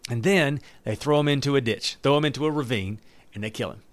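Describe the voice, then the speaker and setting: A man's voice: medium pitch, fast, no echo. A man preaching a sermon, reading scripture aloud and breaking in with joking asides. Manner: animated, joking asides with laughs. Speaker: pastor.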